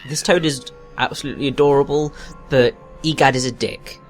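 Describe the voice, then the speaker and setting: Giggly, rambling game co-host. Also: male voice, mid-range voice, fairly even intonation, a little fast. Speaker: let's play co-host. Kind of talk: casual gameplay commentary. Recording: faint game music behind.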